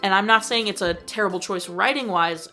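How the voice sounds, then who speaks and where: A young woman casually gushing about a movie she reviews, full of slang, quoting scenes in lively put-on voices. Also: mid-range voice, brisk, faint music behind.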